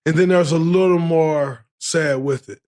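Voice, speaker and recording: A man in his thirties hosting a podcast, telling a story in a casual, animated way, with lots of laughter and swearing. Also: fairly high pitch, unhurried. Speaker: podcast host.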